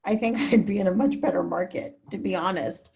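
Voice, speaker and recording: A woman's voice: mid-range voice, fairly quick, gravelly, a little mellow. A woman TV news reporter speaking as a guest, giving candid, chatty advice to students over a video call, with many fillers. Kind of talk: casual advice talk to students.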